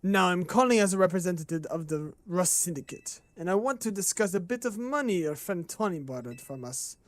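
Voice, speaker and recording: A man voicing a male gangster caller with a put-on French accent, speaking slowly with polite menace. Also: high voice, expressive, no echo, voice pushed down. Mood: silky menace. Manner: slow, silky, threatening politeness. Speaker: streamer voicing game dialogue.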